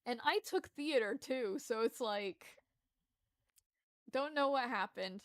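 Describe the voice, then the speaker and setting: A woman's voice: a little high, animated, slow pace, clean tone, no room sound, clean studio sound. A woman from Rhode Island with a Rhode Island accent tinged with Southern, a lisp, chatting casually and rambling while streaming a game. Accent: Rhode Island mixed with Southern US. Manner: rambling, self-deprecating, many restarts. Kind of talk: casual gameplay chat.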